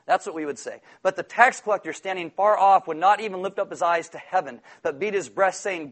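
Male pastor, high voice, animated sermon delivery with acted-out asides. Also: brisk, hardly any pauses. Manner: animated, acts out quoted voices.

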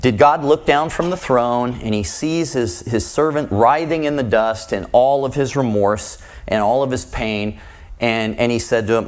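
A man preaching a sermon in a conversational way, asking his listeners rhetorical questions and acting out the voices he quotes. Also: normal speed. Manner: acts out quoted voices with shifts in pitch and loudness.

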